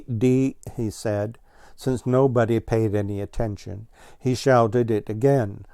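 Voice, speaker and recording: Male narrator, storybook read-aloud, gentle and even, slow pace, dark tone, dry close sound. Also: lowish voice, no room sound.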